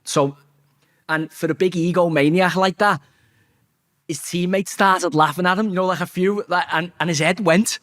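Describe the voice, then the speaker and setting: A man telling a blunt, sweary story as an interview guest, talking fast and animated. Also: high voice. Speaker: interview guest, former footballer.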